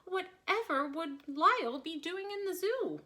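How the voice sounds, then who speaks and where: A woman's voice: very high-pitched, lively intonation, unhurried, sharp tone, pitched above the performer's own voice, heavily acted. A woman voicing an anxious, polite lady asking everyone for help in a storybook reading. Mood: dismayed. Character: anxious, polite woman hunting her lost crocodile.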